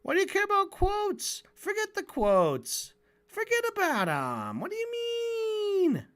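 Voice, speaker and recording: Brief: a streamer mimicking a squeaky, wriggly man who whines and wheedles, voice jumping way up high. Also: wildly swooping pitch, slow pace, fairly bright tone, heavily acted. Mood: petulant. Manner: petulant, dismissive. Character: whiny mocking caricature of a male historian. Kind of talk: mocking impression.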